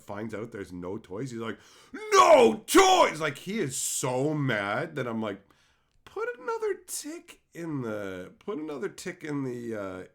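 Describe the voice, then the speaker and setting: A man hosting a casual livestream, rambling and joking while he reads out viewer chat. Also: mid-range voice. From Canada. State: tired after dental work. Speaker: livestream host. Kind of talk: casual live-stream chat.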